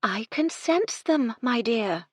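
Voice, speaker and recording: A woman's voice: fairly high pitch, animated, husky, no room sound, clean studio sound, voice pushed up, heavily acted. A woman doing a dreamy mystic lady. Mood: eerie. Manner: drawn-out, mysterious, softly murmuring.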